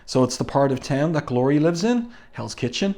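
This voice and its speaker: A man casually reviewing a comic book, reading out the panels, pausing often and slowing down for admiring asides. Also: on the high side, lively intonation, darkish tone. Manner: halting, with many ums and slow admiring asides.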